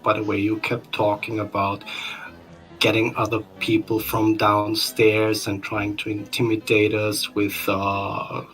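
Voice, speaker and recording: A man's voice: fairly low pitch, completely flat delivery, a little slow, fairly bright tone, faint music behind, rough recording. A man playing a tabletop game, talking in character in a pushy, sarcastic way. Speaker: player.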